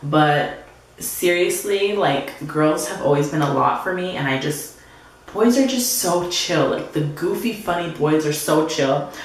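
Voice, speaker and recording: A woman's voice: low-pitched, animated, a little slow. A young woman vlogger telling a breakup story while doing her makeup, chatty and full of "like". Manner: chatty, fillers "like" everywhere. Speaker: beauty vlogger. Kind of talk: casual get-ready-with-me storytime. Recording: very echoey room with faint noise.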